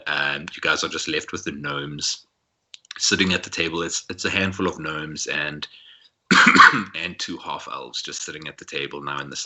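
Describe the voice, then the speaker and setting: Very deep husky male game master. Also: pushed and bright. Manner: rambling, filler-heavy narration. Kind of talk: narrating a tabletop game.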